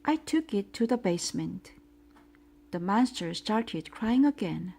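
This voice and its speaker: Woman reading a bedtime story, slow and lively, highish voice. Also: vocal fry, husky.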